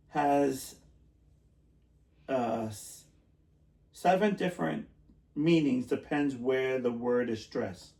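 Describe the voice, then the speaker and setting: A man's voice: medium pitch, slow pace, vocal fry, long pauses, a little mellow. A man co-hosting a podcast in casual chat, rambling and laughing often, trailing off mid-sentence. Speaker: podcast co-host. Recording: roomy, distant mic.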